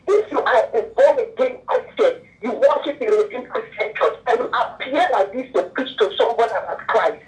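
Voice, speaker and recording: A woman's voice: fairly high pitch, recorded from a distance, rough recording. A woman from the UK calling a radio show, tearful and scolding in a preachy, religious way. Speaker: caller. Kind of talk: emotional phone-in call.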